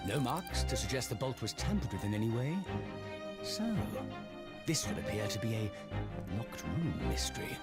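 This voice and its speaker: An actor playing a pompous, theatrical British gentleman detective in a video game, speaking with a British accent. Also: mid-range voice, lively intonation, normal speed, natural voice. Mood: musing. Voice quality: grand, theatrical delivery. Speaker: game character. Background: game music.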